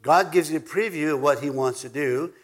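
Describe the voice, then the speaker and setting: A man's voice: on the high side, fairly quick. A man preaching a sermon as pastor, emphatic, repeating words for stress and now and then chuckling.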